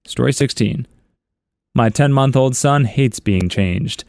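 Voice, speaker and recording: A man's voice: mid-range voice, takes it slowly, gravelly, darkish tone, no echo. A man reading internet stories aloud, chuckling and adding wry asides on a close voice-over mic. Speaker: story narrator.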